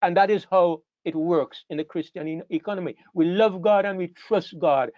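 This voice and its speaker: A man preaches at a moderate pace, his voice sitting high. He asks questions and then answers them, stressing and repeating his points in a sermon lecture style. The sound is dry, dull and lo-fi, with no echo.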